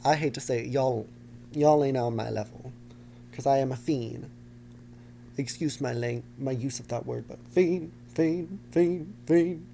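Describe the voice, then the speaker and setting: A man's voice: mid-range voice, fairly even intonation, moderate pace, vocal fry, long pauses, dark tone, slight background noise. A young man from the United States hosting a casual solo podcast from his basement, with a dramatic, campy, self-mocking delivery. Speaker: podcast host. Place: home basement.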